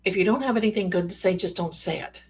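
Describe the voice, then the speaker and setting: A woman with a husky, mid-range voice talks fast while hosting a casual live stream chat. She's a chatty, rambling storyteller who tosses in playful asides and calls her viewers pet names.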